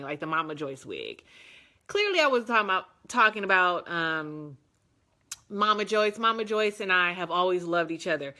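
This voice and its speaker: A woman from Detroit in her forties chats through viewer comments in a rambling, unhurried way, filling the gaps with ums and restarts. Her voice sits somewhat low, and she teases herself playfully as she goes. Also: bright, forceful tone. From Detroit, USA. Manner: playful and self-mocking. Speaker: reality TV personality answering viewer comments. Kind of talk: casual live chat reading comments.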